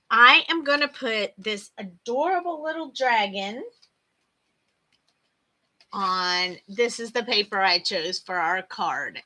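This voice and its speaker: A woman's voice: fairly high pitch, sharp tone, rough recording. A middle-aged woman hosting a live craft tutorial, chatty and greeting viewers by name, coughing with hiccups. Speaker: craft stream host.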